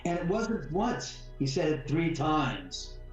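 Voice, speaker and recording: A man telling ghost stories in a casual interview, rambling and animated, often repeating words and swearing mildly. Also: a little high, slow pace, dull audio. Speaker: homeowner guest. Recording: echoey room from far off, faint music.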